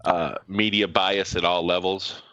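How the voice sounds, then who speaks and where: Casting note: male co-host, lowish pitch with a tense bright edge, dull lo-fi mic. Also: level tone, measured pace, no room sound. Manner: blunt, opinionated. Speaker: podcast co-host. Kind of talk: casual chat.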